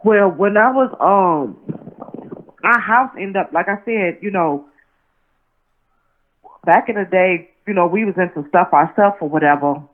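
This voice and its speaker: A woman with a lowish voice speaks at a measured pace and pauses often while telling a story as a phone interview guest. Her talk is casual and rambling, with restarts and "you know what I'm saying," over a tinny line.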